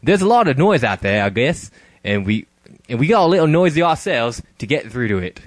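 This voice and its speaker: A man's voice: medium pitch, big pitch swings, fairly quick, no room sound. A man doing a grandiose rock star in a fake Australian accent. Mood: mock-earnest. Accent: put-on Australian. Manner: mock-earnest, laughing through lines. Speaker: podcast co-host.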